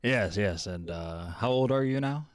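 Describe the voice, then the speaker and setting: A man's voice: on the low side, lively intonation, a little slow, no room sound, clean studio sound. A man voicing a fond, wise mage father. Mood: affectionate. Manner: fond, gently teasing, fatherly. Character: kindly middle-aged father, respected male mage.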